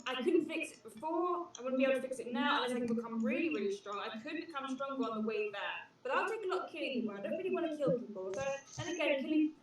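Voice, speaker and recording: Stammering woman player, very echoey, chatter behind. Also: fairly high pitch. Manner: hesitant, stammering, in character. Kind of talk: casual tabletop role-play. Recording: echoey room, far from the mic, chatter.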